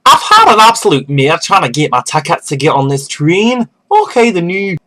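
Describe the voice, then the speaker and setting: A man putting on a mock Scottish accent as a chatty young woman gossiping on her phone, high and breathless. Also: very animated, normal speed, bright, forceful tone, heavily acted. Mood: gossipy.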